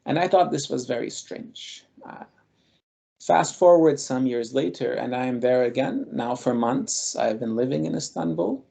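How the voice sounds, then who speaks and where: A man speaking as a guest scholar, telling personal stories in a measured, reflective way. His voice is gravelly and a little husky, with a mellow, dark tone. He pauses often as he thinks. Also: mid-range voice, expressive. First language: Armenian. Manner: thoughtful, measured, with frequent pauses.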